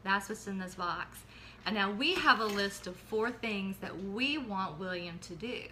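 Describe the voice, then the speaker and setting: A woman's voice: medium pitch, animated, measured pace, sharp tone, a little hiss or hum. A middle-aged woman co-hosting a casual parenting chat, friendly and guiding the discussion. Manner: friendly, guiding, keeps the segment on track. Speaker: co-host, parent.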